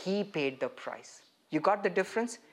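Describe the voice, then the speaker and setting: Animated preacher quizzing his listeners. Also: sits high, moderate pace. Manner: animated, questioning the listeners directly. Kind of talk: interactive sermon teaching.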